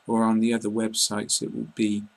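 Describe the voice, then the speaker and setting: A British man giving a casual online pronunciation lesson, speaking slowly and carefully and repeating example words. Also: fairly low pitch, completely flat delivery, vocal fry, rough recording. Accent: British English. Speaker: English pronunciation teacher.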